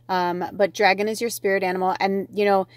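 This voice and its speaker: A woman reads oracle cards for an online audience in a loose, gushing way, circling back on her thoughts with fillers and restarts. She curses casually between her messages. Her voice sits at a middle pitch, with a dry sound and no room echo. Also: level tone, fairly quick. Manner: chatty and gushing, with casual swearing; thinks aloud, with many fillers and restarts. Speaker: tarot and oracle card reader. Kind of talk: casual spiritual card reading to camera.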